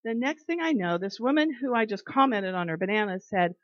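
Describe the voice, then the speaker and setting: A woman's voice: mid-range voice, animated, no room sound. Woman, devotional talk, earnest and chatty, dry dull recording. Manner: earnest and conversational, slows to stress key phrases. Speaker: Bible study leader. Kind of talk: informal devotional talk with storytelling.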